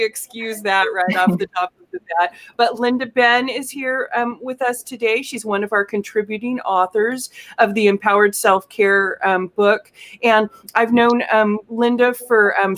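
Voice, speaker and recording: A woman hosting an online talk show, introducing guests in a chatty, enthusiastic way with frequent pauses to search for words. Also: mid-range voice, a bit bright. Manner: chatty, enthusiastic, many um fillers. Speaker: host.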